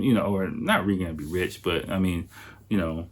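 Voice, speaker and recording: A man's voice: low-pitched, fairly quick, darkish tone. A man hosting a podcast, telling a story in a rambling, profane way full of fillers like "like" and "you know". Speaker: podcast host. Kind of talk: casual storytelling monologue.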